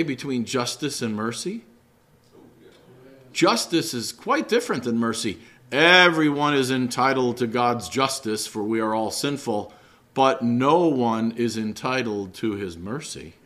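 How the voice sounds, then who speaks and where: A man's voice: medium pitch, lively intonation, unhurried, fairly bright tone. A man preaching a sermon, reading scripture aloud and explaining it with emphatic rises on key phrases.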